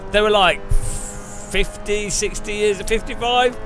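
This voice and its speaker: A man with an English accent chatting casually to his stream while racing, rambling, with quick outbursts at other drivers. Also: high voice, fairly even intonation. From England. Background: music.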